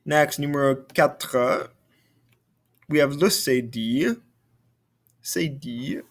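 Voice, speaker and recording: A man's voice: medium pitch, very slow. A male French teacher giving a recorded video lesson, explaining patiently and repeating key points.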